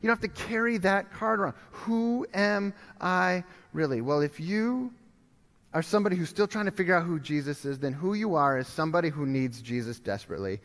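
A male pastor preaching a sermon, telling a story with animated swings from urgent loud appeals to hushed, quiet moments. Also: high-pitched, fairly quick, big-room sound. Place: church sanctuary.

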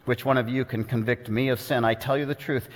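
A man's voice: fairly even intonation, a little fast. A man preaching a sermon with earnest, pointed delivery, reading scripture and explaining it verse by verse. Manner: earnest, pointed, dramatic shifts in pitch for quoted voices. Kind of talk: expository sermon. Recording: long reverb of a large hall.

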